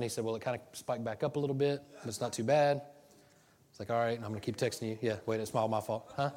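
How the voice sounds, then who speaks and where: Animated man telling a sermon story. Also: medium pitch. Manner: animated, self-deprecating storytelling with laughter. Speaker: pastor.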